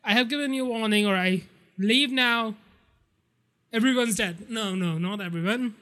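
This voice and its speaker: High-pitched guy ranting on his podcast, excitable, swears constantly, rambly. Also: normal speed. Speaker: podcast host. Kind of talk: casual spoiler podcast rant.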